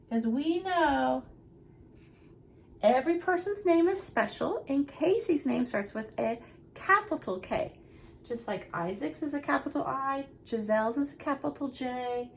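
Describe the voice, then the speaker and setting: A young nursery teacher speaks in a high, slightly gravelly voice. She talks slowly and sweetly to small children in a patient, sing-song tone. A faint hiss sits behind her. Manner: slow, sing-song, encouraging teacher talk.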